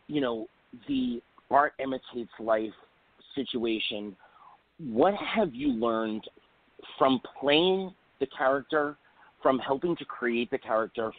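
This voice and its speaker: A man's voice: medium pitch, dry recording. A man hosting a radio interview, asking long, earnest, rambling questions. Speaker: radio show host. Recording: phone-like call line.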